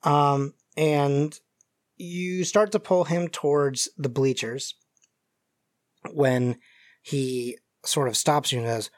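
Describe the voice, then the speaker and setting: A man's voice: on the high side, fairly even intonation, slow pace, no echo. Hesitant man game master, dry sound. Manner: hesitant, many fillers. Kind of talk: narrating a tabletop game.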